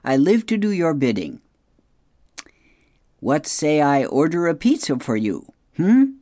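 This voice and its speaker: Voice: mid-range voice, sing-song, a little slow, mellow, no echo, clean studio sound, voice pushed up. A reader voicing a fawning smart speaker, eager to serve, in a raised voice.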